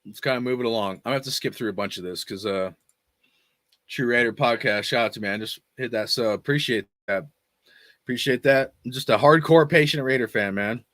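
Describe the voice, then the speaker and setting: A man's voice: mid-range voice, brisk, a bit bright, no room sound, clean studio sound. A man hosting a fan channel, ranting about football and reading out chat comments in a blunt, cussing, rambling way. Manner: profane, emphatic, rambling.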